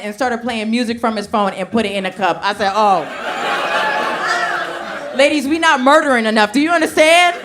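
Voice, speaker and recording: A woman performs stand-up on a club stage. Her voice sits a little high, and she talks loud and conversational, speaking straight to the crowd. The live recording carries clear background noise from the room. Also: normal speed. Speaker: stand-up comedian. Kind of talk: stand-up comedy set. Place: comedy club stage with a laughing audience.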